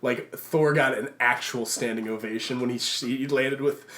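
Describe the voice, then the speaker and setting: A man co-hosting a relaxed podcast chat. He tells stories excitedly, rambling and doubling back over his words with lots of restarts. His voice sits in an ordinary middle pitch. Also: moderate pace. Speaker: podcast co-host.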